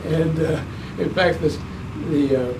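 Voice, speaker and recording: An older man tells family stories in an animated, rambling way, often restarting his sentences. His voice sits a little high for a man. He is recorded from some distance, with a faint hiss behind him. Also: takes it slowly. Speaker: interviewee. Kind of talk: oral history storytelling. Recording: distant mic with faint background noise.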